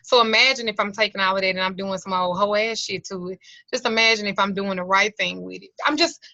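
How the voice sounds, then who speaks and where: A middle-aged woman tells a candid, emotional life story in plain everyday speech, close to tears. Her voice is bright and forward, and the sound is dry and a little dull, like a video call. She talks earnestly to her class. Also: mid-range voice, fast, no echo. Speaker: occult class teacher. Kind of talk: emotional personal testimony. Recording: slightly lo-fi video call audio.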